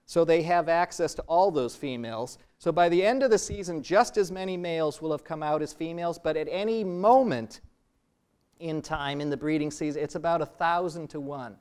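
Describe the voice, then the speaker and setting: Older male professor, lecture hall Q&A; high, smooth voice, relaxed with joking asides. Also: normal speed. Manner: relaxed, self-deprecating asides, restarts sentences. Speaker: biology professor giving a lecture. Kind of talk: public lecture and Q&A.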